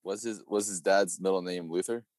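A man's voice: low-pitched, fairly even intonation, normal speed, darkish tone, no room sound. A young man on a podcast, asking puzzled questions and giggling in casual banter. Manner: quizzical, giggly. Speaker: podcast co-host.

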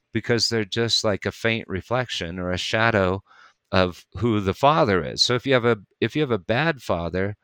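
A preacher with a lowish, smooth, resonant voice tells a story in relaxed conversation. He picks up speed and energy in bursts. The sound is dry and close. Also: no echo. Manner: animated storyteller, quick bursts.

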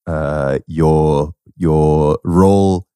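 A man's voice: a bass voice, fairly even intonation, drawn-out words, dark tone, clean tone, dry recording, studio quality. A man hosting a podcast in casual chat, laid-back and prone to repeating himself. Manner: laid-back, repeats words, says dope. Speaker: podcast host.

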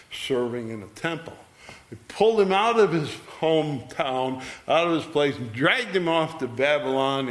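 Verse by verse, a medium-pitched man reads aloud from a Bible passage and follows each reading with a relaxed, down-to-earth explanation.

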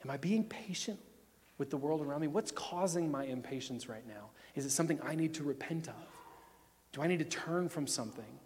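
This emphatic sermon comes from a male pastor whose pitch sits slightly above the typical man's, and he alternates booming proclamations with hushed moments. His delivery is animated and brisk, long hall-like reverb follows every phrase, and there's slight background noise.

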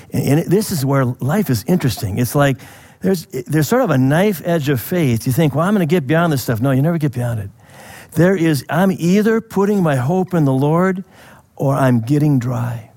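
A man preaching a sermon in a conversational way, asking the listeners questions and laughing softly now and then. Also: fairly high pitch, expressive, normal speed. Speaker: pastor.

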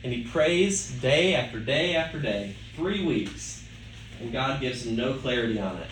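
A man's voice: mid-range voice, lively intonation, a little slow, fairly bright tone, a little hiss or hum. A male pastor preaching a sermon in a conversational way, asking the listeners rhetorical questions. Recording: echoey room with faint ambience.

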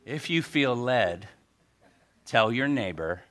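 A man preaching a sermon as pastor, animated and joking with the congregation. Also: mid-range voice, takes it slowly.

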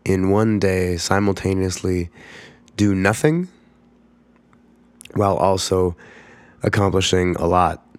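A man's voice: low voice, darkish tone, no room sound. A young man rambling casually through a solo podcast, congested and coughing as he gets over a cold. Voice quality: rough, congested voice. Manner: rambling, many fillers and restarts. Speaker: podcast host.

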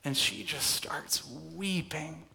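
A man delivers a sermon to a church room in a conversational way. His voice is a little high and bright. He often drops to a soft, intense tone to press a point home. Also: slow. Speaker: pastor. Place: church hall.

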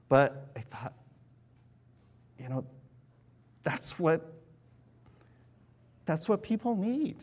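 A man from California preaching, telling a story in an animated way, swinging from loud excited bursts to quiet hushed tones. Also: mid-range voice, creaky. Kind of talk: sermon storytelling.

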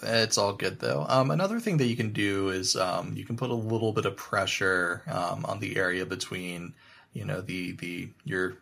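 A man with a fairly low voice co-hosts a casual, frank podcast chat. His advice rambles along with hesitant fillers and light jokes. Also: normal speed, gravelly, fairly bright tone. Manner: rambling, hesitant, many "you know"s, joking. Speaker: podcast co-host.

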